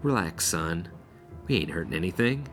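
A man's voice: sits low, normal speed, soft background music. A man voicing a friendly, easygoing old male veteran ghost who chats and teases in a spoken story. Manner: relaxed, chatty, teasing.

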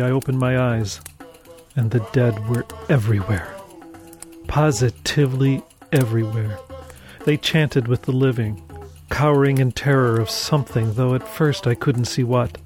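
A man tells a dark first-person horror story in a measured, dramatic way, his voice sitting at a middle pitch. Faint music runs softly beneath the narration.

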